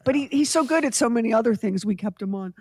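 A woman's voice: fairly high pitch, expressive, fast, darkish tone, breathy edge, no echo, clean studio sound. A woman co-hosting a morning radio show, chatting casually and joking with her co-host, laughing easily.

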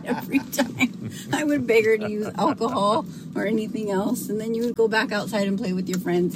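A woman's voice: medium pitch, poor audio. A woman caller from Arizona leaving a rambling, chatty voicemail for a radio show. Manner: chatty, rambling, warm and emotional. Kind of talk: casual voicemail message.

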